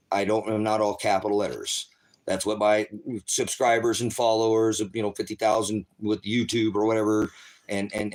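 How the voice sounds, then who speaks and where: A man preaching and chatting casually on a phone live stream at home, rambling and talking fondly to his dogs. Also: lowish voice.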